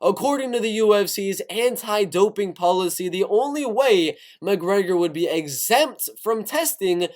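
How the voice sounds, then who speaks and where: A man hosting a casual fight-sports news video, excitable, often asking his viewers questions directly. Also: high-pitched, measured pace. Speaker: MMA news YouTuber.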